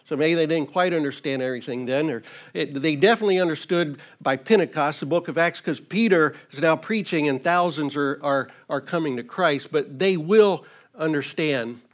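A man's voice: a little high, normal speed. A man teaching through a Bible passage verse by verse in an informal, earnest way, with touches of light humor.

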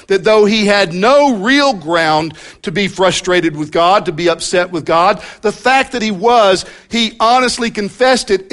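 Pastor guy preaching at church, kinda high-pitched, earnest, slows way down on the big words. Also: a bit bright. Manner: earnest, drawing out key words with slow emphasis. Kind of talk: sermon. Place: church service with congregation present.

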